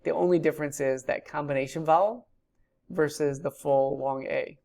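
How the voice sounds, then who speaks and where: A woman's voice: low voice, fairly even intonation, normal speed, creaky, dark tone. A woman giving a recorded grammar lecture, explaining patiently with frequent ums. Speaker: Hebrew teacher.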